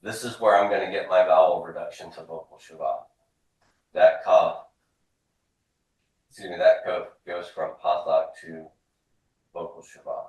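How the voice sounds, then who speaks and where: Recorded from far off in an echoey classroom with dull audio, this Hebrew instructor lectures in a low voice with fairly even intonation and moderate pace, leaving long pauses. He explains patiently, often repeating words and drilling forms for the students to repeat.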